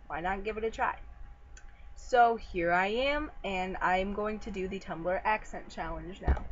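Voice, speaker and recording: A woman's voice: medium pitch, a little hiss or hum. A teenage girl chatting casually through a vlog challenge, reading out a word list with fillers, at home. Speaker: vlogger. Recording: dull lo-fi webcam sound.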